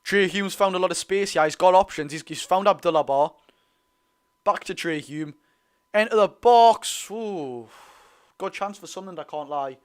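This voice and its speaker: Excitable young Geordie man, high voice. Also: moderate pace, smooth. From North East England. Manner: excitable, loud celebrating, swearing; partisan play-by-play with repeated phrases. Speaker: fan watch-along streamer. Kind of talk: live fan commentary.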